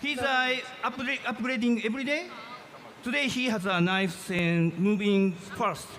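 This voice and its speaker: A man's voice: sits high, fairly even intonation, unhurried. A man from Japan, a guest artist giving brief, modest replies. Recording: loud crowd and floor noise.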